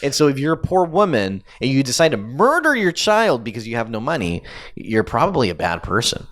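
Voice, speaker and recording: Animated, opinionated man rambling on a podcast. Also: medium pitch, fairly quick. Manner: opinionated, rambling, heavy on um and you know. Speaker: podcast co-host. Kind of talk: casual debate chat.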